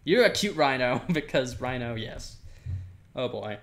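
A man chatting through his gameplay in a loose, rambling way, often breaking into giggles. His voice sits at an ordinary middle pitch. A faint hiss runs under the recording. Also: big pitch swings, measured pace. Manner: rambling, giggly, talks to game animals. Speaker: Minecraft let's player. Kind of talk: casual gameplay commentary.

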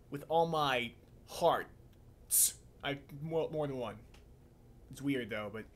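A young American man, goofy and rambling, doing gameplay commentary for his channel and tossing off silly rhymes. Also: mid-range voice. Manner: goofy, rambling, rhyming asides. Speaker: gaming channel host. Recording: game music underneath. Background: background game music.

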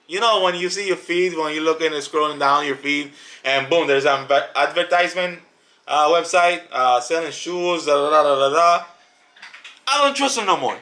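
A man giving a casual product review on a family channel, talking in an emphatic, animated way and repeating words for stress. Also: fairly high pitch, moderate pace.

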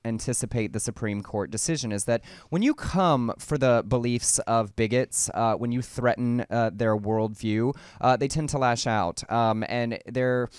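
A young adult man from the American South, co-hosting and giving earnest, measured news commentary. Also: mid-range voice, smooth, no room sound, studio quality. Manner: earnest, measured, fluent argument. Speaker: co-host.

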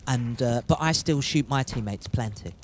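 A man's voice: mid-range voice, normal speed, slight background noise. A man chatting and joking as he streams a game, laughing often. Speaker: gaming streamer. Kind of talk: casual live gameplay commentary.

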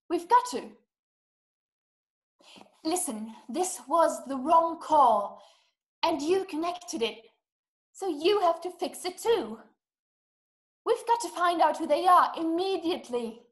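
A woman's voice: sits high, poor audio. An actress playing a frantic, imperious wealthy woman who talks in an urgent, scolding way in an amateur video-call play.

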